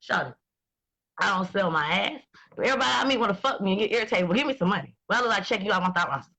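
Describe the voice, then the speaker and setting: Young woman ranting fast, bright voice, blunt and cussing a lot. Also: medium pitch, poor audio. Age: 20s. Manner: blunt, profane and animated. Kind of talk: casual chat.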